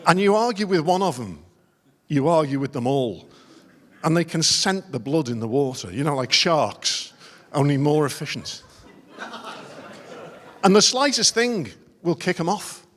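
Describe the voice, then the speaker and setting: Wry middle-aged comedian in a big hall. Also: male voice, on the high side, lively intonation, unhurried, fairly bright tone. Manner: wry, self-deprecating storytelling. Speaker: after-dinner comedian. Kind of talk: stand-up comedy routine. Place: large conference dinner hall. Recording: long reverb of a large hall.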